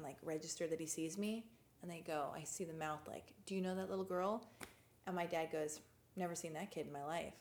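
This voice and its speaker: A woman's voice: deep voice, a little mellow. A woman speaks with a slight lisp, rambling through a personal story in a loose, chatty way. She leans heavily on filler words as she goes. The sound has a noticeable roomy echo. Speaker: guest. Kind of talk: casual interview storytelling.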